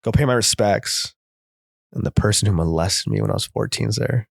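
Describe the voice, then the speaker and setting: A man, a therapist in recovery, telling his personal story as a guest in earnest, rapid present-tense bursts. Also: fairly low pitch, sing-song, gravelly, no echo, studio quality.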